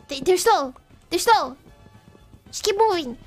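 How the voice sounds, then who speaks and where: A woman from Europe commentating her live game stream in an excitable way, often breaking into startled shrieks. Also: extremely high pitch, normal speed, loud music behind the voice.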